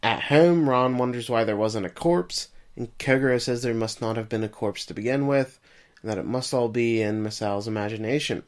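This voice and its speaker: A man's voice: medium pitch, moderate pace. A man co-hosting a podcast, summarizing the plot of an episode in a casual way and turning to his co-host with questions. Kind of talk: casual recap chat.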